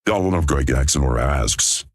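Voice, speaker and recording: A man hosting a livestream, talking in a smooth, laid-back way. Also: extremely low pitch, expressive, unhurried, faint music behind. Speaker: livestream host. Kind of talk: casual livestream chat.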